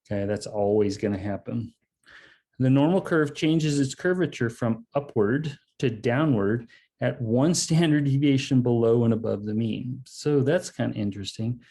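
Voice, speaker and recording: Casual, mellow-voiced male math instructor. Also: mid-range voice, normal speed, breathy edge. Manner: casual, explains step by step with frequent "okay" and "um". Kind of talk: online lecture.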